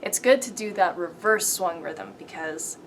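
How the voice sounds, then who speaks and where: Woman piano teacher, slow and patient, counts out loud over a loud piano. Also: on the low side. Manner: counting beats aloud and calling out rhythms; patient step-by-step instruction. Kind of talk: online piano lesson. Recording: piano playing loud under the voice.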